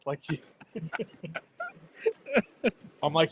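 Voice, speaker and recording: A man's voice: fairly high pitch, big pitch swings, moderate pace, pauses often, low-quality recording. A man in his thirties hosting a stream, chatting casually about parenting and laughing often. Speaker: livestream host. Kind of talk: casual chat.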